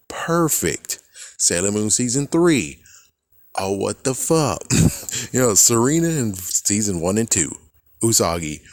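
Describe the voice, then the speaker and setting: A man with a somewhat low voice rants casually to the camera. He rambles and sounds exasperated, with frequent swearing. The sound is dry, with no room echo. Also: a little mellow. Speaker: video creator. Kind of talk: casual opinion rant.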